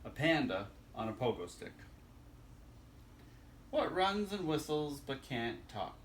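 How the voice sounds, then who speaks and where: A man's voice: medium pitch, very animated, slow, recorded from a distance, a little hiss or hum. A man reading a children's joke book aloud, chuckling at his own jokes.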